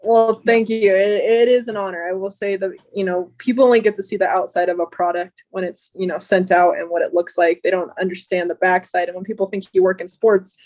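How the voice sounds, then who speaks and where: A talkative woman guest speaks earnestly in a relaxed podcast interview. Her pitch stays quite even and flat as she talks. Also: a little fast, few pauses. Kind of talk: casual interview chat.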